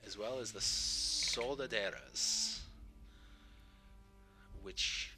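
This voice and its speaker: A man's voice: lowish voice, drawn-out words, poor audio. A tired male streamer casually thinking aloud about game choices, sometimes mumbling. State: tired, yawning. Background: game music.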